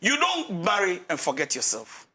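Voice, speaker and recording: A man's voice: high-pitched, wildly swooping pitch, normal speed, pushed and bright, slightly rough. A man with a Ghanaian accent giving marriage advice as a pastor on a talk show, switching between English and Twi and acting out the quarrels of couples. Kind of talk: animated talk-show counsel.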